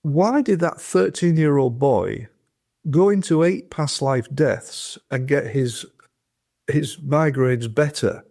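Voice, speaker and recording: A man's voice: a little high, takes it slowly, a little mellow. A man being interviewed as a hypnotherapist guest, speaking emphatically and insistently. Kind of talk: podcast interview.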